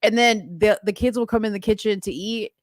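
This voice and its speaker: A middle-aged woman co-hosting a casual chat show, telling stories in an animated way and laughing often. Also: medium pitch, brisk, no room sound, clean studio sound. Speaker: podcast co-host.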